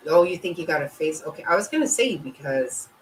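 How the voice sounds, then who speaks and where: A brisk woman hosts a casual livestream, captured on a rough recording with a little hiss or hum. She's blunt, swears constantly, and her animated pitch swings high and low.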